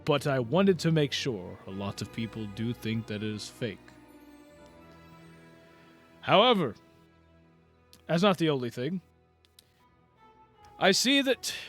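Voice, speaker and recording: A man's voice: a little high, full character voice. A man voicing a genial, chatty bearded king who speaks in a stately way. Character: genial bearded middle-aged male king.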